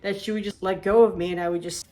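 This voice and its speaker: A woman co-hosting a podcast, casually telling childhood anecdotes in a chatty, animated way. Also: medium pitch, fast talker. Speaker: podcast co-host. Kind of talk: casual storytelling.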